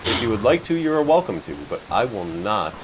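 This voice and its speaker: A man hosting a podcast, telling stories in a relaxed, joking way and poking fun at himself. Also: on the low side, brisk, background noise. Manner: chatty storyteller, jokes about himself. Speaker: podcast host. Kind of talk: casual chat.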